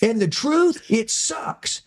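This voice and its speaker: A man's voice: extremely high pitch, animated, slow pace, voice pushed up, heavily acted. A man imitating a blunt, fiery male preacher who confronts his congregation. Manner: loud, direct, preachy delivery.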